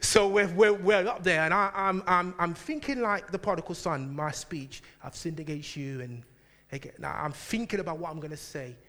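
A man preaching a sermon, telling a personal story with lively laughter and frequent asides to the congregation. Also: high-pitched, moderate pace. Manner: animated, laughing, keeps asking "do you know what I mean".

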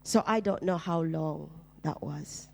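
Speaking at a measured pace with a creaky voice, a preacher from Uganda recounts her testimony conversationally. Her tone is earnest, going quiet and low over the painful parts.

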